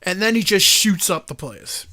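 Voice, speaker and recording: Male co-host, casual chat, high and very lively delivery, animated retelling. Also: moderate pace. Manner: animated, acts out quoted lines. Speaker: podcast co-host.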